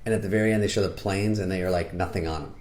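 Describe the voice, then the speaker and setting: An older man doing a sarcastic, deadpan comedy riff, slipping into quick high-pitched impressions. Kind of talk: comedic monologue.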